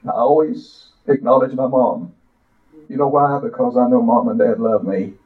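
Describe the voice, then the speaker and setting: An older man preaching a sermon, reciting a poem and telling his own story with impassioned, drawn-out phrases. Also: medium pitch. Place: church. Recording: echoey, distant, dull church audio.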